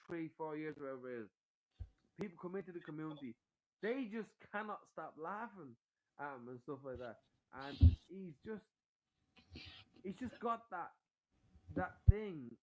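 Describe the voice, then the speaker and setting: A man's voice: high voice, expressive, normal speed, rough recording. A man in his forties chatting casually on a live stream, swearing often and pushing a friend into drinking banter. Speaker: stream guest. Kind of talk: casual chat.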